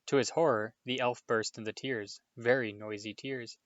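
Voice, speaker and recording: Male audiobook narrator, steady plain reading; dull, dry close-mic sound. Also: medium pitch, normal speed, no echo. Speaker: audiobook reader. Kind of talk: storybook narration. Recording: dull, dry home recording.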